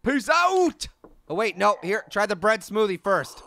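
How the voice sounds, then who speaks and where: Man doing a high, gravelly talking orange. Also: fairly even intonation, moderate pace, sharp tone, a little hiss or hum. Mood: goofy teasing. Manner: goofy, teasing, giggly. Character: wisecracking talking orange fruit, male, goofy and mischievous. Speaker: game commentator. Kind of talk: let's play commentary.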